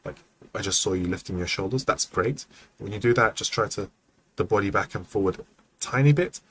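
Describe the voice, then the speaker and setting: A man giving casual feedback on student animation during a livestream, relaxed and chatty, thinking aloud with frequent ums and acting out poses as he explains. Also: fairly low pitch, fairly quick, slight background noise. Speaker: animation mentor reviewing student work.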